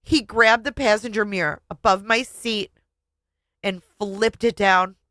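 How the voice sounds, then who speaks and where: At a medium pitch and an unhurried pace, this woman reviewer gives an emotional, expressive reading of a memoir and weaves in her own thoughts. No echo is present.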